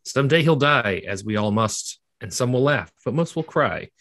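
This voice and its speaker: A man hosts a casual podcast in a voice of middling pitch. He keeps things jokey and upbeat, tripping into loose restarts now and then. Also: expressive, normal speed, fairly bright tone. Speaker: podcast host.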